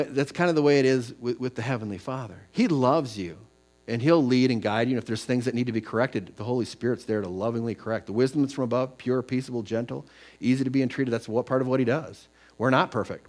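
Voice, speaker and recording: A middle-aged man preaches in a mid-range voice, easing into relaxed, conversational storytelling. When he reads scripture, he builds to an emphatic, rising delivery. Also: medium pitch. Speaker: pastor. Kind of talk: sermon.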